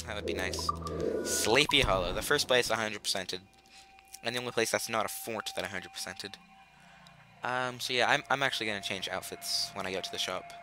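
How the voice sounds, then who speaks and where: Bright and forceful, with a fairly low pitch, the voice belongs to a teenage boy running a gaming channel. He chats his way through a video game in casual let's play style, silly and meandering, often leaving thoughts hanging mid-sentence.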